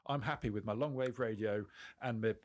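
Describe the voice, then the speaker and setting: A man's voice: on the low side, a little fast. A man with a British accent co-hosting a podcast, rambling and self-deprecating in casual banter, laughing often. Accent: British English. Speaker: podcast co-host.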